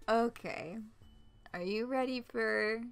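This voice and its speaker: A woman streamer reading a visual novel aloud, expressive, laughing often and swearing casually. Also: a little high, creaky, smooth.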